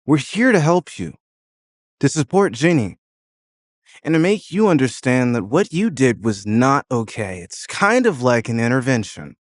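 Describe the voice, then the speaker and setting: A man's voice: medium pitch, sing-song, a little slow, no room sound, clean studio sound, pitched above the performer's own voice. A man voicing a smug, mocking young woman in an audio drama, teasing and pushy. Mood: insistent.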